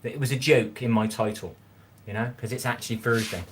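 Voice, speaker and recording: A man's voice: mid-range voice, steady tone, brisk, background noise. Rambling man chatting on a livestream. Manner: rambling, chatty, repeats himself, talks straight to viewers. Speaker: livestream host reading chat. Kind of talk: casual live-stream chat while cooking.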